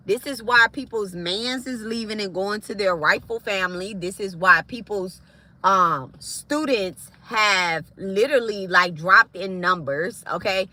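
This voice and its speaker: A woman's voice: medium pitch, unhurried, bright, forceful tone. A woman spiritualist ranting to her viewers on a livestream, heated, confrontational and profane. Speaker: spiritualist live streamer.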